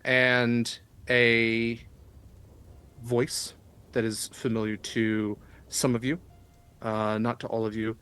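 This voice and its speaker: A man running a tabletop game, narrating scenes slowly and deliberately with frequent pauses. His voice sits at a middle pitch, plain and steady. He also hosts the show's wrap-up chat. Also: clear, resonant tone, no room sound. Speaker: game master.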